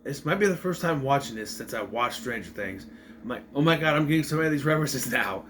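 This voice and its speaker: An animated young man with a sharp, higher-than-average voice talks fast as he reviews a TV episode. His recap is chatty and meandering, and he keeps correcting himself, with slight noise in the background.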